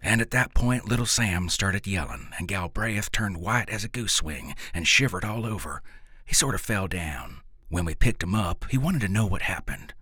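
Brief: male narrator, deep and husky, folksy deadpan storytelling, dry close mic. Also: normal speed, no echo. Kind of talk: storytelling reading in folksy dialect.

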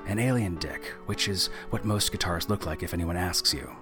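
A man's voice: sits low, moderate pace, music in the background. A man hosting a podcast in a casual, irreverent monologue, sarcastic and profane. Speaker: podcast host.

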